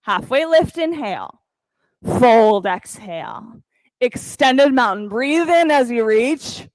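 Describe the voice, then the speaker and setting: A woman teaching a yoga class, calmly counting breaths and cueing poses with encouragement. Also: on the high side, takes it slowly, no echo, low-quality recording. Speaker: yoga instructor. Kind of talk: guided yoga class cues.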